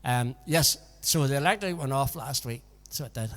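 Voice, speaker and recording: A man with a mid-range, fairly bright voice speaks at a moderate pace while hosting a laid-back live music stream from his village home. He chats in a homespun way, tagging lines with "so it did", over backing music with long reverb.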